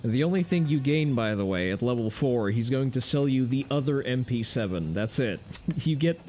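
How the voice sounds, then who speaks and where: A man's voice: medium pitch, lively intonation, moderate pace, warm tone, slight background noise. A man giving loose, profane gameplay commentary on a stream, with wry asides to his chat. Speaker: game streamer.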